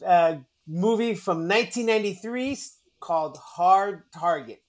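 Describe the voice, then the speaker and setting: A man's voice: high-pitched, unhurried. A man hosting a casual movie podcast, rambling and joking, often repeating his words. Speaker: podcast host.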